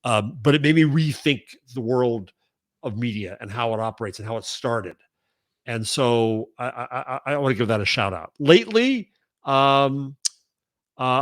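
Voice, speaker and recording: A man who is a journalism professor, talking as a guest over a video call in a halting way, with many restarts. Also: mid-range voice, a bit bright, no room sound, clean studio sound. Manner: halting, full of restarts and fillers. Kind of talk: casual conversation.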